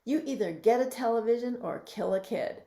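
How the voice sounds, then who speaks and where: A woman's voice: fairly high pitch, normal speed, warm tone, voice pushed up, close to an everyday voice. A woman voicing a blunt, funny Southern mother of four in a heavy Georgia drawl, with a roomy echo. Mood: teasing.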